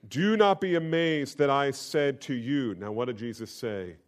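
A middle-aged man preaching a sermon. He repeats key lines for emphasis and swings between loud and hushed. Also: mid-range voice, measured pace. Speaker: pastor.

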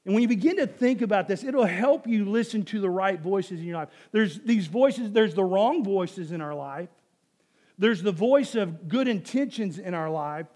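High-voiced man preaching a sermon. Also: lively intonation, normal speed, darkish tone. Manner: emphatic, repetitive, rhetorical questions to the congregation. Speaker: pastor.

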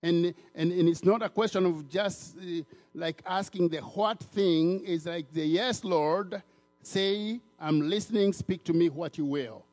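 A man from Africa preaching a sermon in an animated way, repeating words and acting out the voices of people he quotes. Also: high voice, measured pace.

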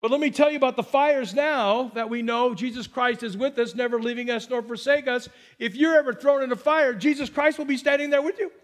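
A man's voice: very high-pitched, fairly even intonation, fairly quick, hardly any pauses. A male pastor preaching a sermon in a conversational way, with joking asides and stumbling repeats.

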